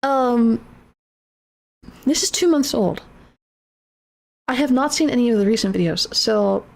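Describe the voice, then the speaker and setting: A woman's voice: on the high side, animated, unhurried, creaky. A young adult woman streaming from home, chatting casually as she reacts to videos, giggly and repeating words back with lots of trailing ums. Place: home room with her cat.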